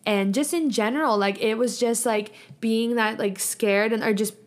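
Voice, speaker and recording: A woman's voice: fairly high pitch, fairly even intonation, normal speed. Chatty young woman saying "like" constantly. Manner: chatty, says "like" constantly, reflective and earnest. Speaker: podcast host. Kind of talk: casual solo podcast monologue.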